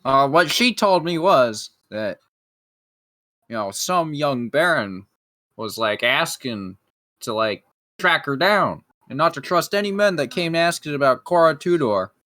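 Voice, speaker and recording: A game master running a tabletop game in a slow, casual, amused way. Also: mid-range voice, lively intonation, sharp tone.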